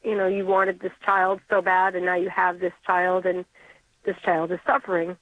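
A middle-aged woman from Connecticut calling in to a radio show, speaking haltingly as she searches for words. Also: lowish voice, level tone, dry recording. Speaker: radio caller. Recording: tinny dry phone line.

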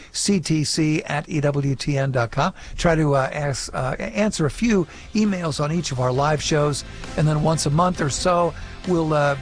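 A male radio host reading listener emails and wrapping up the show in a friendly, brisk way. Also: on the high side. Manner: friendly and brisk, with short affirmations.

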